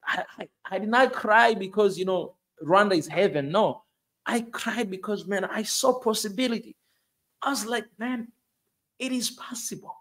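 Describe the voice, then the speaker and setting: A man's voice: high voice, moderate pace, a bit bright. A man in his forties, a video host giving a fervent, preachy motivational talk and repeating phrases for emphasis. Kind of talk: impassioned motivational monologue.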